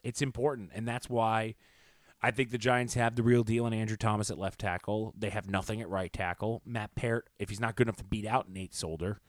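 A man co-hosts a sports podcast in a fairly low voice, riffing on football with strong opinions and frequent restarts. The sound is dry and close to the mic. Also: fairly even intonation, fairly quick, no room sound. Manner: opinionated, talks in long runs with restarts. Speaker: podcast co-host. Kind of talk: casual sports talk.

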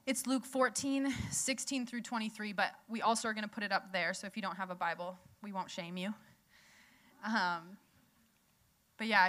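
A woman's voice: medium pitch, bright, forceful tone. A young woman preaching a sermon in a conversational way, laughing often and telling stories with animation.

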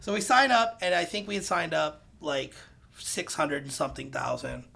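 With a fairly high, gravelly voice at moderate speed, a man who works as a realtor tells an animated story on a podcast. He performs the dialogue casually and gets loud at the punchlines.

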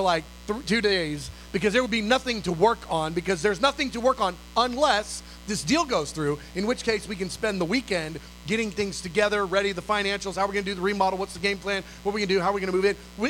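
A man with a very high, bright, forceful voice tells a story from the pulpit. He is animated and jumps into the voices of the people in his story. A faint mains hum sits under his voice. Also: quick pace, hardly any pauses, rough recording. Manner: animated, acts out dialogue and sometimes shouts. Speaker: pastor. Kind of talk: storytelling sermon.

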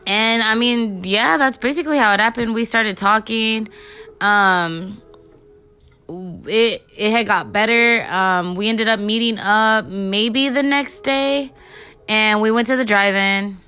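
A young woman with a lilt talks through her love life in a casual, filler-laden podcast monologue. Her voice is bright and smooth. A soft bed of music plays faintly underneath. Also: fairly high pitch, slow pace. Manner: chatty, profane, lots of fillers. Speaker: podcast host.

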